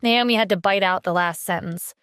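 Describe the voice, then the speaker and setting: A woman narrating a scripted audio drama with steady storytelling. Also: medium pitch, a little fast, smooth, dry recording, studio quality.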